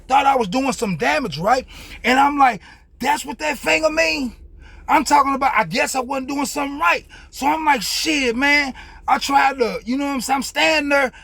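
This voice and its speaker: A man's voice: very high-pitched, creaky, a bit bright, dry recording. A young man telling a casual, profane story in loose street slang as a vlogger.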